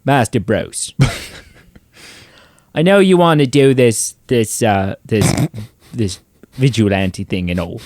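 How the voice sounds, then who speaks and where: A man putting on a lower voice to play an older male butler who gives mild, polite advice. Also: slow, pauses often, darkish tone, no room sound, clean studio sound, close to an everyday voice. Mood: coaxing.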